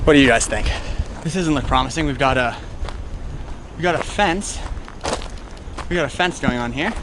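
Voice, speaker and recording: A man's voice: fairly high pitch, normal speed, noisy background. A young American man vlogging in a chatty, rambling, self-mocking way while out of breath outdoors. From United States. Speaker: travel vlogger. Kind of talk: casual travel vlog. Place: outdoors on a hot hillside in a coastal town.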